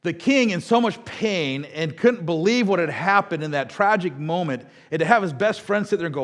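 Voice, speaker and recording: A middle-aged man from the American Midwest, preaching a sermon with lively storytelling and asides to the congregation. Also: high-pitched, normal speed, hardly any pauses, big-room sound. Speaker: pastor. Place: church sanctuary.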